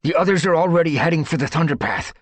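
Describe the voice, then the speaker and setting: A man voicing an alert male clan cat who gives quick, urgent reports. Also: on the high side, lively intonation, fairly bright tone, no echo, voice pushed up.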